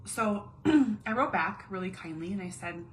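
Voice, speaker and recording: In a rough recording with a little hiss or hum, a thirtysomething mother and caregiver talks at normal speed in a fairly low, sharp voice. Her monologue at home is candid and confiding, sinking to a near whisper over painful feelings.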